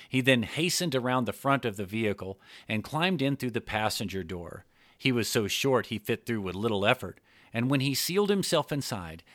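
A man narrating an adult fiction story in a measured storytelling manner. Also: fairly low pitch, sharp tone, no echo, studio quality.

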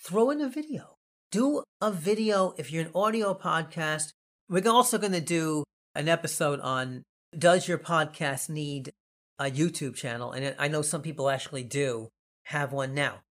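A man's voice: fairly high pitch, moderate pace, fairly bright tone. A man with a Long Island New York accent hosting a casual podcast, rambling and jokey. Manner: rambling, jokey, laughs often. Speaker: podcast host.

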